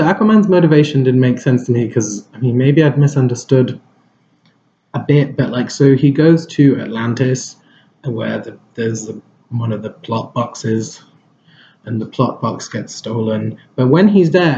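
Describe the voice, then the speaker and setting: Rambling mellow-voiced man reviewing a film. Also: medium pitch, muffled recording, slight background noise. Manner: rambling, hesitant, many fillers and restarts.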